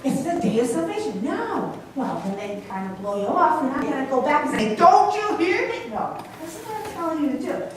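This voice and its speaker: A woman preaches to her congregation, her high voice ringing through a very echoey sanctuary. She's recorded from some distance off, with faint background noise underneath, and she keeps pulling listeners in with questions and personal stories. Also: very animated, fairly quick, hardly any pauses. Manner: storytelling, asks congregation questions. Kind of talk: sermon. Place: church sanctuary.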